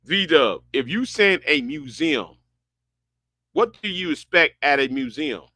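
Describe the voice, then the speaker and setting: A man's voice: on the high side, animated, slow pace, pushed and bright, no echo. A man chatting casually and rambling, often stumbling and restarting his words, with a broad sound. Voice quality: stammering, many restarts. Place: Houston, Texas.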